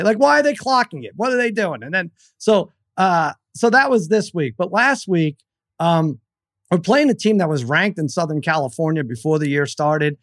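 A middle-aged man co-hosting a casual sports chat, telling an animated, rambling story full of restarts. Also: sits high, dry recording, clean studio sound. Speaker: podcast co-host.

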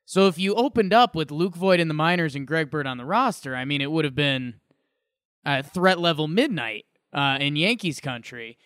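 A man co-hosting a sports podcast, excitable and joking in tone. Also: a little high, moderate pace, clear, resonant tone, no echo, clean studio sound. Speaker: podcast co-host. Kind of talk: casual sports podcast chat.

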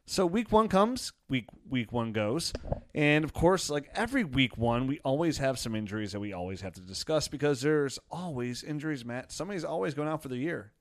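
A man's voice: medium pitch, expressive, a little fast. Jokey man hosting a sports podcast. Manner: jokey, puts on silly voices for players. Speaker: podcast host. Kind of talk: casual sports podcast chat.

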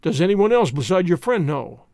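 A man's voice: sits high, very animated, normal speed, darkish tone, no room sound, clean studio sound. A man doing a stern, stately old duke. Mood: subdued. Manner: stately, curt and commanding. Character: stern, proud older nobleman, a duke.

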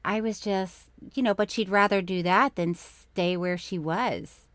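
A woman co-hosting a podcast in casual chat, an animated storyteller who breaks into loud laughter. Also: medium pitch, unhurried, no room sound. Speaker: podcast co-host.

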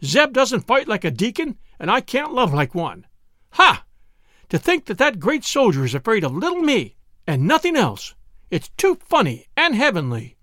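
A man voicing a spirited young woman who is excitable and in love, speaking in breathless, eager exclamations. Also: sits high, moderate pace, dry recording, clean studio sound, pitched above the performer's own voice, exaggerated voice. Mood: excited.

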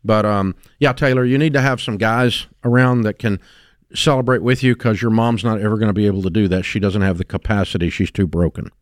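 An older man hosting a call-in advice radio show, talking in an emphatic, folksy way that swings from booming to hushed. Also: steady tone, brisk, dry recording, clean studio sound. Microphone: studio microphone.

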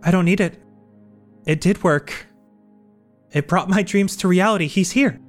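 A man voicing an anxious young woman haunted by nightmares, speaking in a halting, stammering, earnest way. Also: high voice, soft background music, pitched above the performer's own voice.

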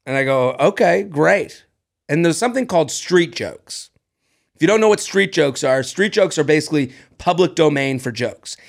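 A man's voice: fairly high pitch, moderate pace, vocal fry. A man co-hosting a podcast in casual chat, telling stories with lots of energy, acting out other people's voices, swearing freely and laughing often. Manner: animated storyteller who acts out other people's voices. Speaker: podcast co-host.

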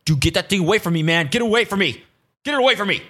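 A man voicing a macho guy who is mocked for freaking out over a painted nail, in a loud, scandalized way. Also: high-pitched, lively intonation, racing, voice pushed up, heavily acted. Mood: mocking disgust.

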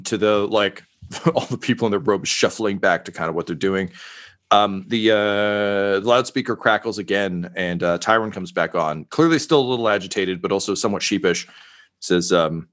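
A man's voice: on the low side, moderate pace, a bit bright. A man narrating a tabletop game as game master, rambling with many fillers.

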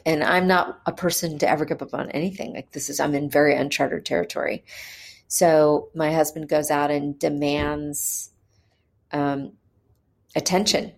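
A woman recounting a hard personal experience, candid and earnest, pausing often with fillers as she talks. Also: sits low, gravelly. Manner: hesitant, with frequent pauses and fillers. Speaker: mother telling her birth story. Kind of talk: personal storytelling.

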